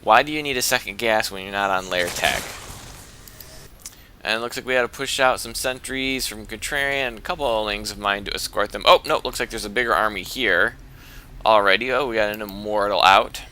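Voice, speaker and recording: Bright-voiced excitable male game caster. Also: fairly low pitch, fairly quick, clear, resonant tone. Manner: excitable, easily worked up, chatty play-by-play. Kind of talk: casting his own strategy game match.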